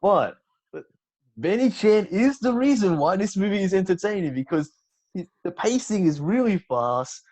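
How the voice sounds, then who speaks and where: A man guesting on a casual movie discussion. He talks in an animated, excitable way and swears freely. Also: sits high, normal speed. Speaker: podcast guest.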